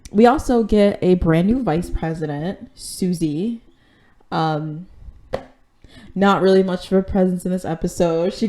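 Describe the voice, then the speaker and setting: Mellow-voiced chatty woman podcaster. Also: lowish voice. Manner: chatty and candid, lots of "like" and "um", swears casually. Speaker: podcast host recapping an episode. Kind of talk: casual chat.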